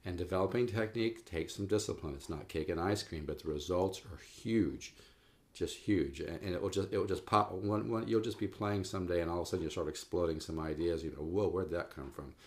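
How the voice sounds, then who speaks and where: A man giving a relaxed, encouraging guitar lesson on video, talking straight to his viewers. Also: deep voice, brisk. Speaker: guitar teacher. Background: guitar playing.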